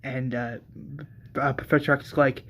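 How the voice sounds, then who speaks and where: A movie reviewer ranting in an exasperated, excitable way, stumbling over restarts and swearing often. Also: medium pitch, normal speed.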